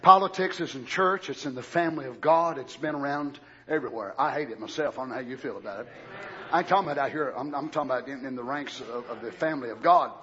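A man preaching a sermon, swinging from low murmurs to loud shouted lines. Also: fast talker, breathy edge, highs cut off.

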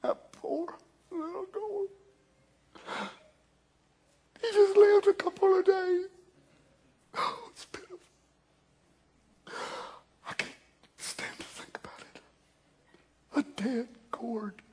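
A man voicing a self-pitying prophet who mourns a dead plant in a whiny, hushed, near-whispered voice. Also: very high-pitched, animated, slow, pauses often, pitched above the performer's own voice, exaggerated voice. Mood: pitiful.

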